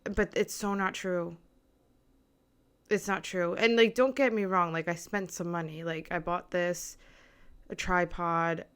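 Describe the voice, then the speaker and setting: A woman's voice: fairly low pitch, steady tone, measured pace, a bit bright, clear, resonant tone. A young woman hosting her own podcast from a small apartment, chatting nervously and rambling with lots of filler words. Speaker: podcast host. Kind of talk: casual solo podcast chat. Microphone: mic with camera on tripod.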